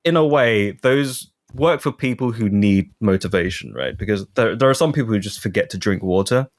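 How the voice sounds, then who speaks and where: A man with a lowish voice co-hosting a relaxed podcast. He chats easily, laughs often and lets sentences trail off as he thinks aloud. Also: moderate pace. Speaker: podcast co-host. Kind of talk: casual chat.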